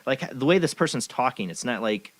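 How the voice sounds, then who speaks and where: A man's voice: mid-range voice, animated, a little fast, no room sound. A man hosting a talk show, rambling along in a cynical, sarcastic way. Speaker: show host. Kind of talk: casual talk radio commentary.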